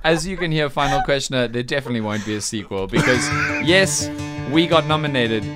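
A man's voice: medium pitch, animated, a little fast, over loud music. A man hosting a mock press conference in a comedic radio sketch, playful and teasing. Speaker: radio host playing press conference moderator.

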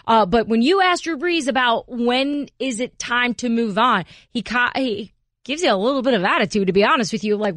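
A woman's voice: fairly high pitch, lively intonation, moderate pace, a bit bright, no room sound, studio quality. Confident woman sports reporter. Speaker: NFL reporter and guest. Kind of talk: sports radio talk.

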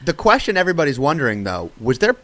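A man's voice: fairly high pitch, wildly swooping pitch, fast, fairly bright tone. A young man co-hosting a podcast, teasing the others and mimicking old-movie voices. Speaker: podcast co-host. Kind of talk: casual chat.

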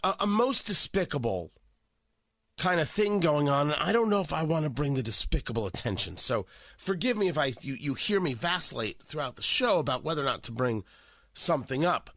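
Animated, sarcastic male radio host. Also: fairly high pitch, a little fast, no echo, clean studio sound. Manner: animated, sarcastic, frequent repetitions and restarts. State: stuffy from a cold. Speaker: radio talk show host. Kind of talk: opinionated political talk radio.

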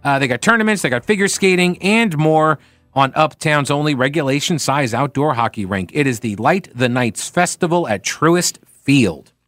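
A man's voice: fairly high pitch, normal speed, no room sound. A man hosting a talk radio show, giving sarcastic, opinionated commentary on a studio mic. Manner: animated, sarcastic, mocking asides.

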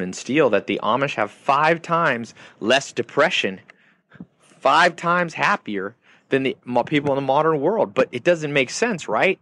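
A man's voice: medium pitch, a bit bright, no echo. A man hosting a podcast, delivering an emphatic motivational monologue in short, punchy phrases that repeat key points. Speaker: podcast host.

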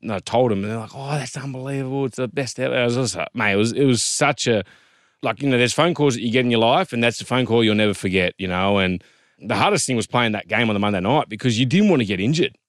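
An Australian man in his thirties, a former rugby league player telling an animated story in casual chat, quoting others in lively voices. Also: lowish voice, fast, dry recording, studio quality.

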